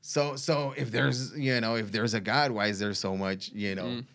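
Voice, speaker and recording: Halting man telling a story. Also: fairly low pitch, steady tone, vocal fry, a bit bright. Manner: halting, with frequent restarts and fillers. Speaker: guest sharing a faith testimony. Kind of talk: conversational storytelling.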